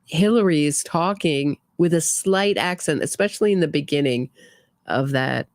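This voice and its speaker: A woman's voice: low-pitched, normal speed, dry recording. A woman hosting a true crime commentary, talking casually and sarcastically with frequent restarts. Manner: opinionated, sarcastic, trailing restarts.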